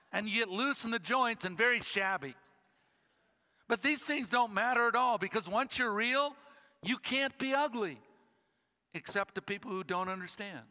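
High bright guy preaching in a big echoey church hall, slows way down for effect. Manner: storytelling with slow dramatic pauses. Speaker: pastor. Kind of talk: sermon.

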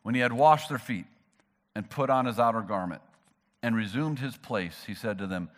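A man preaching a sermon, animated and emphatic, acting out the people he quotes. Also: medium pitch, moderate pace. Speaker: pastor.

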